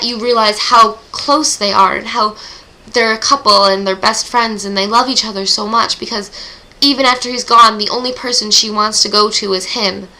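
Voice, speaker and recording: A teenage girl chats through a chapter recap for her book club vlog, emotional and gushing, letting out groaning sighs. Her voice is bright and forward, with a lot of vocal fry at the ends of phrases. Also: medium pitch, slight background noise, poor audio.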